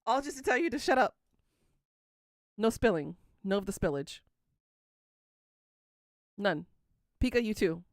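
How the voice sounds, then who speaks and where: A livestream host in her thirties speaks expressively and unhurriedly in a mid-range voice, with long pauses and studio-quality audio free of room sound. She chats casually with live viewers and teases them as she answers.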